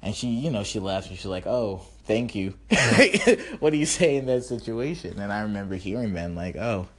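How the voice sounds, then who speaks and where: A man with a slightly high, funny-sounding voice rambles through a casual solo monologue on his own podcast, talking briskly and expressively. He's a little tipsy from drinks, swears, and pokes fun at himself.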